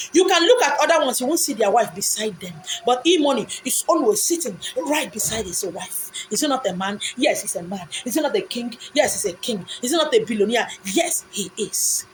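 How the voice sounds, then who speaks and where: A woman with a Nigerian accent, speaking in a fairly high voice. She lectures with impassioned, insistent repetition and answers her own rhetorical questions. A faint background hiss sits under the voice. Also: poor audio. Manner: repetitive, insistent phrasing with pidgin asides. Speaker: speaker giving a monologue. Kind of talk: impassioned monologue.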